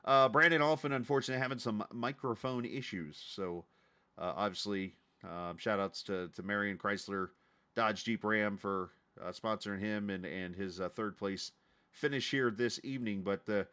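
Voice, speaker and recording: A man hosting a sim racing broadcast, interviewing the winner in a chatty, halting way with easy jokes. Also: lowish voice, sharp tone. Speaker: broadcast host.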